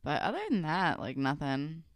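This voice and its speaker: A woman's voice: low voice, lively intonation, moderate pace, no echo. A young woman co-hosting a podcast, chatting casually about a TV episode, swearing freely with plenty of likes and ums. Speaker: podcast co-host. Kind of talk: casual chat recapping a TV episode.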